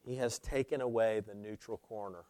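A man preaching a sermon, swinging between loud, emphatic declarations and hushed, low asides. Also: steady tone, moderate pace, no room sound. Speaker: pastor.

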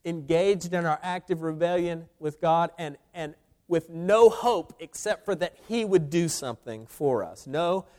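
A man's voice: on the high side, a little slow, warm tone. A man preaching an expository sermon, emphatic, often repeating words as he restarts. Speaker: pastor.

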